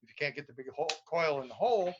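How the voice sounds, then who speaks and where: A man's voice: a little high, rapid-fire, loud music behind the voice. A man, a gold prospector, telling a story casually over a video call and acting out the voices and sounds. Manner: animated storyteller who acts out voices and sounds. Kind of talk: casual storytelling on a live stream. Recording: muffled lo-fi stream audio.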